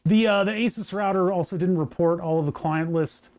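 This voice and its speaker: This man streams himself working on hardware, talking to chat in a loose, rambling way and cracking jokes along the way. He speaks a little fast, with a high-sitting, slightly mellow voice.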